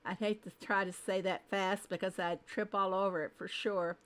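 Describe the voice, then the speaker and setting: A woman's voice: mid-range voice, steady tone, moderate pace. A woman hosting a casual game livestream, greeting viewers one by one by name and thinking aloud as she adjusts her screen. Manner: thinks aloud while fiddling with settings.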